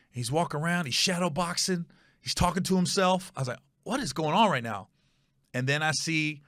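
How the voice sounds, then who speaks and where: A middle-aged man hosting a podcast, telling a story casually and animatedly, acting out other people's voices with high shouts. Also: no echo, studio quality.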